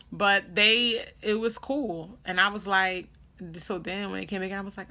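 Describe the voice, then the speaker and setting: A young adult woman telling a story in a casual vlog, animated and dramatic as she acts out what people said. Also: medium pitch, normal speed. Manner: animated, dramatic retelling with quoted voices. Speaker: vlogger.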